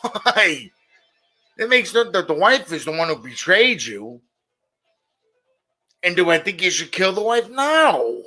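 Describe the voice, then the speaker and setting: A man's voice: sits high, very animated, measured pace, long pauses, bright, forceful tone, faint music behind. A middle-aged man hosting a casual monologue show, blunt and opinionated, often repeating his points. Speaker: show host.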